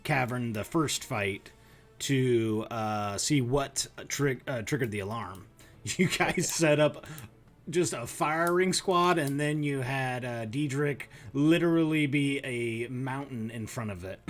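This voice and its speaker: A man's voice: medium pitch, slow pace, faint music behind. A man, the game master, chatting casually and filling in details of the session, laughing often. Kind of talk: casual chat.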